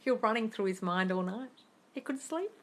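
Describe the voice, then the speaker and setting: A woman's voice: mid-range voice, normal speed, a little hiss or hum. A woman hosting a casual live Q&A on a phone stream, blunt and sweary, calling viewers darling and squealing at comments. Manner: animated, squeals and laughs at comments. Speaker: livestream host answering viewer questions. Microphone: phone livestream.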